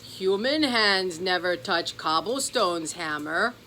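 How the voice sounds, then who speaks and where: A woman's voice: on the low side, animated, takes it slowly, sharp tone, a little hiss or hum, heavily acted. A woman voicing a grumpy little male leprechaun who talks in broken grammar and names himself. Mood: gruff.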